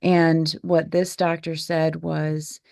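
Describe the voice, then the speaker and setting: A woman's voice: low voice, little pitch movement, slow pace, gravelly, a little mellow, no room sound, studio quality. A woman in her forties hosting a candid podcast, telling a family story in an earnest, reflective way. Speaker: podcast host and mother.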